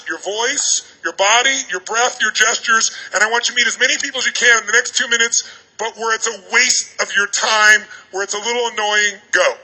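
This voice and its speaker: A motivational speaker addresses a large arena crowd in a seminar, firing commanding, rapid-fire questions over a stage microphone. His voice is high-pitched, sharp, and slightly rough, and the recording is rough.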